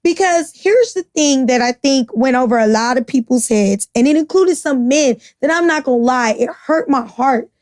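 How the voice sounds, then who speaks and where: Woman podcast co-host, high register, fired-up and blunt, swears a lot; dry, close mic. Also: expressive, normal speed, few pauses, darkish tone, dry recording. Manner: passionate, blunt, swears freely. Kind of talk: casual opinionated chat.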